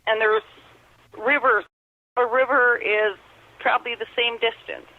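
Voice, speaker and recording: A woman's voice: on the high side, steady tone, a little slow. Middle-aged lady on a tinny phone line, rambles and restarts, earnest. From Upper Michigan. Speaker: caller telling an encounter story. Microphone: telephone.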